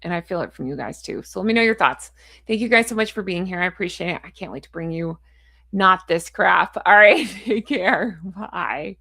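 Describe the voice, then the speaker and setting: A woman's voice: fairly low pitch, expressive, normal speed, creaky, sharp tone, no room sound, clean studio sound. A woman vlogger in casual chat to camera, frustrated, blunt and ranting, with a chatty, rambling sign-off. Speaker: royal commentary vlogger.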